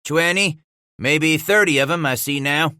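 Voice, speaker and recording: A man's voice: on the high side, measured pace, no room sound, studio quality, voice pushed up. A man voicing a young male trapper lookout who calls out urgent warnings. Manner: urgent, shouting.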